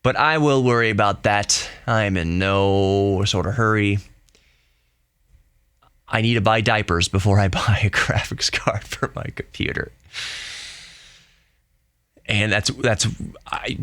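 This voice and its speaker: Young guy podcast host, lowish voice, super dry sound, geeks out reading gpu specs. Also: no room sound. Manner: reads spec lists with excited asides; earnest, reassuring sign-off. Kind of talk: casual solo podcast.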